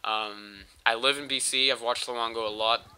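A man's voice: mid-range voice, steady tone, normal speed, sharp tone, smooth. A man with a cold, rambling and joking crudely as he talks over his gameplay footage on a home mic. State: sick with a cold. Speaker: gaming channel host.

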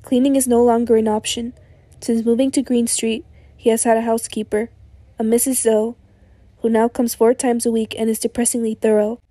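A hoarse woman reading a literary novel aloud in a measured, even way. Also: on the high side, dry recording. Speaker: audiobook narrator. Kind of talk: literary audiobook narration.

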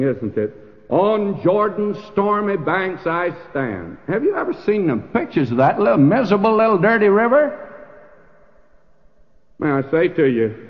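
An older man preaching a sermon in an emphatic, folksy storytelling manner, acting out the quoted lines. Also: a little high. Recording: dull lo-fi recording with hall reverb.

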